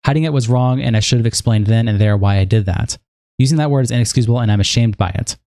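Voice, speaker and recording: A young man on a livestream, reading messages aloud in a casual, halting way and stopping to react. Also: medium pitch, dry recording, studio quality. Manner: casual, halting, reads flatly and breaks off to react. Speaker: streamer.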